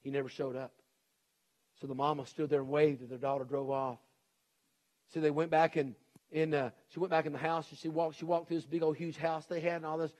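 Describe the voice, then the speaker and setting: A man's voice: fairly high pitch, flat delivery, a little fast, darkish tone. Earnest pleading male pastor preaching. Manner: earnest and pleading, with repeated urgent appeals. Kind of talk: sermon.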